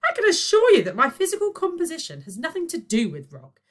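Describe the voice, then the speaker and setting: A woman voicing a haughty, disdainful young girl with a shrill voice. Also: huge pitch swings, fast talker, bright, forceful tone. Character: haughty know-it-all girl.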